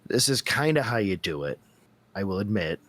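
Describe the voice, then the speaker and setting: Chill guy cohosting a podcast, kinda low voice, trips over his words. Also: sing-song, moderate pace, fairly bright tone, dry recording. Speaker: podcast co-host. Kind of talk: casual chat.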